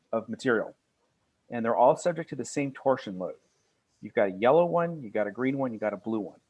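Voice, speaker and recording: A man lecturing a university class, earnest and halting, with many fillers and restarts. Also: medium pitch.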